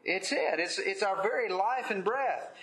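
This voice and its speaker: A man preaching a sermon in an earnest, measured way, pausing often as he leads a Bible study. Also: high-pitched, expressive, a bit bright, roomy sound.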